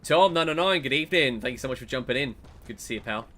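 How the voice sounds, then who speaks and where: A man hosts a live stream, chatting casually and excitably as he plays. His voice is bright and forward. He stays at an ordinary middle pitch for a man. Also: quick pace. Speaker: podcast host and streamer. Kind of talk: casual chat while playing a game.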